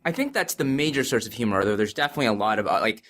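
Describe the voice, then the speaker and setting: Man, podcast guest, casual chat, analytical, very animated pitch, bright tone. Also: rapid-fire.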